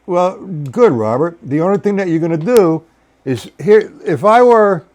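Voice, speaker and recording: A man's voice: fairly high pitch, sing-song, normal speed, darkish tone. A man teaching a live-streamed drum lesson, patiently explaining strokes and counting beats aloud, and encouraging viewers by name.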